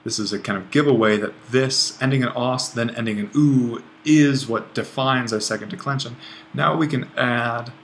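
A man teaching a grammar lesson over a screencast, relaxed and thinking aloud as he writes, often correcting himself. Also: mid-range voice, normal speed, slight background noise. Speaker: Greek language instructor.

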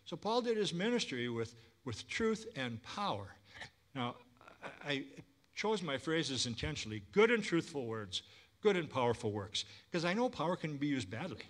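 A man preaching a sermon as pastor, lively and inviting the congregation to respond. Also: on the high side, normal speed.

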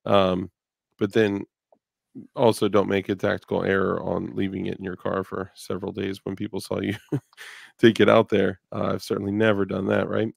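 A man's voice: sits low, monotone, moderate pace, gravelly, no room sound, studio quality. A male podcast host in casual chat, rambling and joking about himself. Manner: rambling, self-deprecating, joking.

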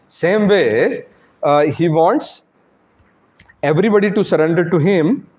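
A male preacher speaks to a congregation, his voice a touch higher than most men's. He keeps asking rhetorical questions and checking in with "right?". The sound is dull and roomy, as if taken from the back of a temple hall. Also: darkish tone. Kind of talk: devotional sermon.

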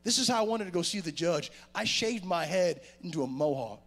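A man delivers a sermon in a church with a gravelly edge to his voice. His pitch swings widely, climbing for emphasis and falling low for quieter points. His voice sits a touch higher than most men's. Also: a little fast. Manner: animated preaching with sudden loud rises and quiet drops. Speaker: pastor. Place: church sanctuary.

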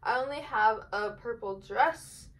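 A young woman chatting casually through a clothing try-on haul, bubbly and rambling, talking fast. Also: on the high side, a little hiss or hum, low-quality recording. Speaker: fashion vlogger.

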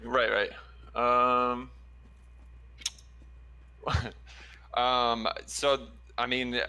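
A Chicago-area man who works as an ER trauma nurse chats casually, telling a story in a relaxed way packed with fillers and laughter. His voice is mid-range and clean, and he speaks very slowly.

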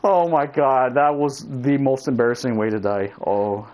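A young man giving casual gameplay commentary, swearing, shouting at enemies and talking to his viewers as he plays. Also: medium pitch, fairly even intonation, moderate pace. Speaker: let's play gamer.

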